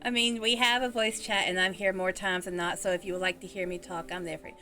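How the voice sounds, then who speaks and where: A woman's voice: medium pitch, brisk, hardly any pauses, pushed and bright, soft background music. A woman hosting a casual livestream interview, sappy and heartfelt, laughing often.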